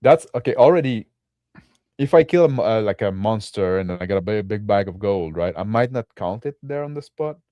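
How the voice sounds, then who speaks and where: A man's voice: lowish voice, animated, a little fast, dry recording, muffled recording. A man co-hosting a casual chat, rambling with lots of "like" and "right?" as he reacts to a video. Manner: rambling, filler-heavy, with frequent "like" and "right?". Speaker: podcast co-host.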